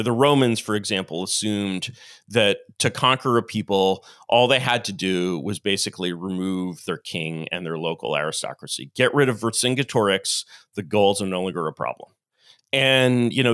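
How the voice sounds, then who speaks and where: Middle-aged male podcast guest, low-ish voice, animated lecturer who acts out quotes, dry close sound. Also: dry recording. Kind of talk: long-form interview monologue.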